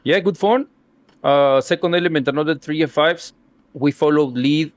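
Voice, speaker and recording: A man's voice: fairly high pitch, moderate pace, no echo. Upbeat man in a dry sound. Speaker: second element lead. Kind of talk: casual debrief chat.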